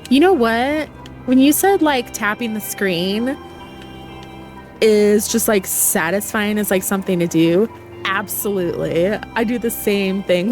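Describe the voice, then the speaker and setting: A woman's voice: medium pitch, a little mellow. A young woman streaming a game, chatting casually and reading the dialogue aloud, laughing often.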